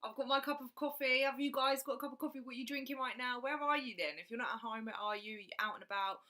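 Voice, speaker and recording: A woman's voice: high voice, fast talker, sharp tone. A woman chatting casually on a livestream, reading out viewer comments and laughing often. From England. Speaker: livestream host.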